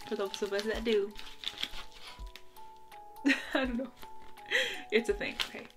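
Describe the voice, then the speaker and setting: A young woman hosts a casual unboxing vlog, bubbly and quick to giggle as she gushes over each item. Her voice sits at an ordinary middle pitch. Faint music plays softly underneath. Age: young adult. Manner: bubbly and giggly, gushing with excitement. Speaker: vlogger.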